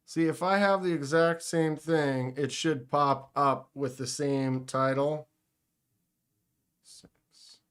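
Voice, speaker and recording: A man's voice: fairly high pitch, steady tone, slow pace, fairly bright tone, clean tone. A man hosting a live stream, chatting casually with viewers in a joking, sarcastic way. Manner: joking, sarcastic, talks to chat. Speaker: livestream host. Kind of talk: casual livestream chat.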